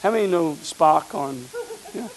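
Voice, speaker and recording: Middle-aged pastor man preaching loud n animated, highish voice, church mic. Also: normal speed, rough recording. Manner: animated preaching, acts out quoted people. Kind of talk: sermon. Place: church sanctuary.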